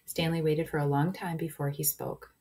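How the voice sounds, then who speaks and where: A woman reading a children's book aloud, shifting into hushed whispers at tense moments. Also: low-pitched, level tone, moderate pace. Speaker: reader.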